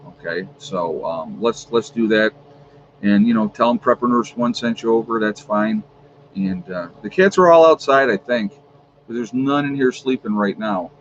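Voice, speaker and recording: A man hosts a relaxed livestream from his home, rambling between shout-outs and reading off a long list of viewers' locations. His voice sits at a middling pitch. The audio is a bit dull, with a faint hiss underneath. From New York. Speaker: livestream host. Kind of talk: casual livestream chat. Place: at home with a fan running.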